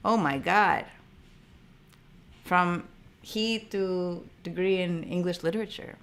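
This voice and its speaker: A woman's voice: fairly low pitch, takes it slowly, a bit bright. A woman from Canada hosting a casual live stream, thinking aloud and reading viewer comments. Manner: chatty, thinks aloud with fillers. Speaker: livestream host.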